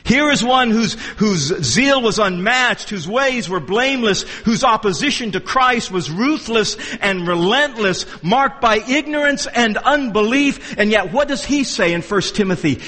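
Sitting high in pitch, his voice bright and forceful, a pastor delivers an expository sermon in a large hall. He hammers points home by repeating phrases and frequently breaks off to restart his sentences mid-thought.

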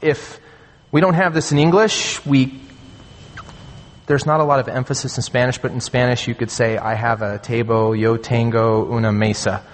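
A man preaching a sermon as a pastor, earnest and emphatic, slowing down to stress key phrases. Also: medium pitch, steady tone, a little hiss or hum. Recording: long hall reverb.

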